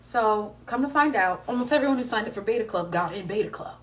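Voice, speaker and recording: A woman's voice: medium pitch, lively intonation, fast talker, far from the mic, low-quality recording. A young woman in her twenties on a livestream, telling a school story in a chatty, self-mocking way. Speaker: livestream co-host. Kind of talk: casual chat, storytelling. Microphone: phone livestream. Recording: voice set back from the phone mic.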